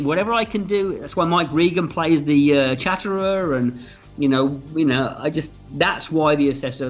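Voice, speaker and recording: A man telling stories as a guest in a casual interview, lively and animated. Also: fairly high pitch. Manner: animated, acts out quoted voices. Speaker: film director interviewed as guest. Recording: dull lo-fi sound with faint music.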